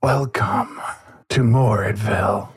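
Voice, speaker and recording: A man voicing a polite, breathy mummy servant who welcomes adventurers. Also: fairly low pitch, takes it slowly, full character voice. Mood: formal welcoming.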